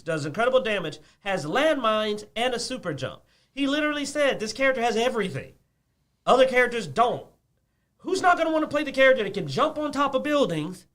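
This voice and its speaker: Male co-host, high bright voice, lively ranting chat delivery. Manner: animated, ranting, laughs often. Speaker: podcast co-host. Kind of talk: casual chat about games.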